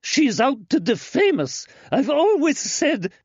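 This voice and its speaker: A man narrating an audiobook, voicing an indignant, wailing middle-aged woman in a shrill raised voice. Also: big pitch swings, slow pace, a little mellow, no room sound, exaggerated voice. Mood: outraged. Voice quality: shrill, high-pitched. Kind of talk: audiobook character voice. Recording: dry, slightly dull.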